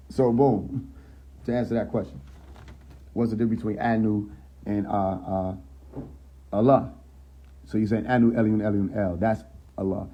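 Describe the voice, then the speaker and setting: A man with a mellow, slightly husky voice leads a casual scripture lesson on a live stream. He keeps checking in with his listeners and slows into rising emphasis whenever he reads a verse. The phone audio is a little dull and lo-fi. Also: on the low side.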